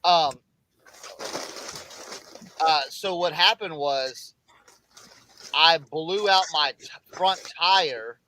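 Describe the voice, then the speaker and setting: A middle-aged man hosting a casual reseller chat, telling a rambling, animated anecdote full of restarts. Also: a little high, very slow, pauses often, a little hiss or hum, rough recording. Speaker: reseller podcast host.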